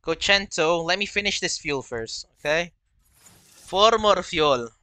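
A man hosting a livestream, commenting on his racing game play and chatting with viewers, with excited yelps and laughs at the action. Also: high-pitched, unhurried, clean tone, dry recording. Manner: chatty, answers viewers' chat between races. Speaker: livestream host. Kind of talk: live gameplay commentary.

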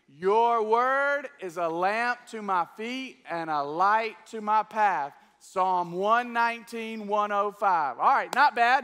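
At a church service, a male pastor teaches a sermon to the congregation, his high voice bright and forceful. He speaks energetically, urging the people to respond and take part.

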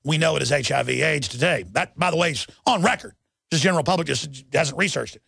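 A man's voice: a little high, quick pace, creaky, fairly bright tone, breathy edge, dry recording. A man hosting a talk radio show, delivering an urgent, rambling monologue full of restarts into a studio microphone.

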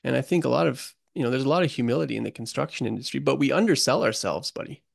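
A man's voice: mid-range voice, lively intonation, racing, creaky, no echo, clean studio sound. A man guest on a podcast interview, telling stories in an earnest, emotional, casual way and calling the host buddy. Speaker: guest, construction author.

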